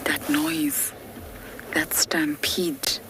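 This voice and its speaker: Lady guide on a live game drive, low voice, hushed and giggly, clear outdoor noise around. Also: little pitch movement, very slow. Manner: often hushed to a whisper, laughs often. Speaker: safari guide. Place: outdoors in the bush, in a vehicle. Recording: outdoor bush noise behind.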